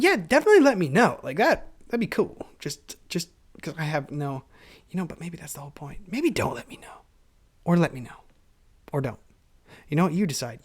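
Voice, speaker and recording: A young man hosting a solo podcast, talking in a chatty, self-mocking ramble and laughing often, recorded on a camera mic. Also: a little high. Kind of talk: rambling casual monologue.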